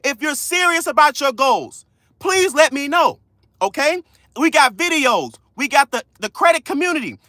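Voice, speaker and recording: A man coaching viewers on a livestream, loud, slangy and preachy, repeating key lines. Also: very high voice, expressive, normal speed, no room sound, studio quality. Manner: casual slangy speech. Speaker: credit coach hosting a livestream. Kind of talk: motivational livestream talk.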